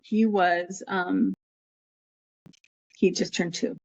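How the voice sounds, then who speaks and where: A woman's voice: on the low side, steady tone, drawn-out words, darkish tone. A middle-aged woman tells a personal story in a rambling, heartfelt way, slipping into the voices of the people she quotes. Her voice comes through a dull, muffled line with no room echo. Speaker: podcast guest.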